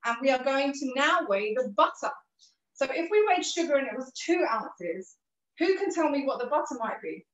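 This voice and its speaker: A woman's voice: sits high, very animated, normal speed, echoey room, recorded from a distance, lo-fi sound. A woman teaching a live online cooking class, giving patient, encouraging step-by-step instructions, with a cough and a bit of throat trouble. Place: kitchen.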